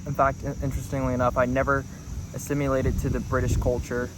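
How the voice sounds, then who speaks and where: A man's voice: medium pitch, completely flat delivery, fast talker, noisy background. A young man from New Mexico with an American accent, telling a personal story in a rambling, self-correcting way. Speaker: vlogger. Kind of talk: casual talk to camera.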